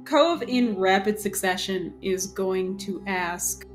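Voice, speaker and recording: A woman playing a tabletop role-playing game, asking her character's questions slowly and deliberately. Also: mid-range voice, lively intonation, faint music behind. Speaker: player. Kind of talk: casual tabletop play.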